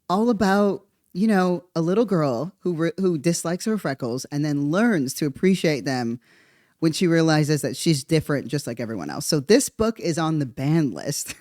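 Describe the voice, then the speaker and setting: A podcast host talking in a casual comedic monologue, animated and rambling, laughing often between asides. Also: mid-range voice, no echo, studio quality.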